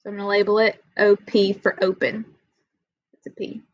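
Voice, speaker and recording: A woman's voice: medium pitch, level tone, moderate pace, dry recording. A woman teaching children a reading lesson, explaining patiently step by step and checking in with "okay?". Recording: dull lo-fi audio.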